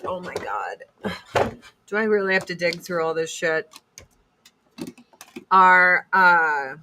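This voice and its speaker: A woman's voice: medium pitch, pushed and bright, slight background noise. A middle-aged woman hosting a casual livestream chat and selling beauty products, talking in a blunt, profane, rambling way.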